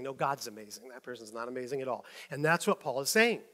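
A man preaching a sermon as pastor, telling stories in an animated way and acting out the people he quotes. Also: medium pitch, quick pace, hardly any pauses.

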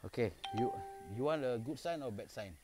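A man with a Singaporean English accent, live-streaming from a dark park at night and chatting casually, joking and bantering, with Malay phrases mixed in. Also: mid-range voice, expressive, a little fast, background noise. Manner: jokey, banters with spirits, mixes in Malay phrases. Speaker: paranormal explorer live-streaming.

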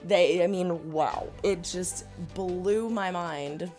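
A woman with a New Jersey accent talks in a fairly low voice, chatting about her haul in a gushing, excited way. She fires off quick asides to the viewers. Soft music sits faintly behind her. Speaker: reaction video host. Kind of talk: casual unboxing and review chat.

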